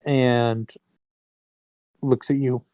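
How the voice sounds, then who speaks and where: Male game master, casual narration, mellow and dry. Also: mid-range voice, level tone, extremely slow, no echo. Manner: casual, restarts mid-phrase.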